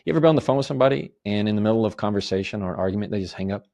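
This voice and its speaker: A low, gravelly male voice explains advice on handling conflict, laying it out in calm, orderly steps. He speaks evenly, offering example phrases as he goes. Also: racing. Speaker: guest, attorney and communication author. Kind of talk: podcast interview, explaining advice.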